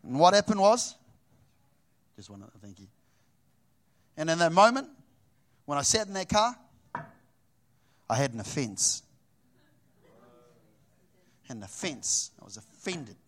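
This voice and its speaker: A middle-aged man from New Zealand preaching, telling a personal story with animated delivery and acting out both sides of the dialogue. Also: a little high, slow pace, pauses often.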